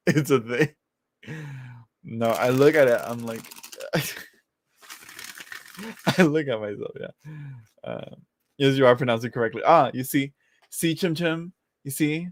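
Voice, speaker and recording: A man doing a casual live-stream tarot reading, chatty and giggly, often trailing off and restarting as he talks to viewers. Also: medium pitch. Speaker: tarot reader answering viewers.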